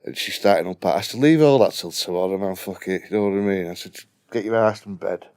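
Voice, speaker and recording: A man's voice: deep voice, fast, darkish tone. A man with a broad Liverpool accent telling a profane, blunt anecdote in casual chat. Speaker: guest storyteller.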